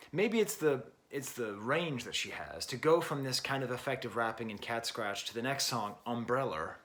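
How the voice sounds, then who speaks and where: A man's voice: mid-range voice, sharp tone. A middle-aged man giving a casual spoken record review in a chatty, wry way, rambling and correcting himself with lots of fillers. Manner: rambling and self-correcting, with many fillers and restarts; chatty and wry, with little laughs. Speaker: music reviewer.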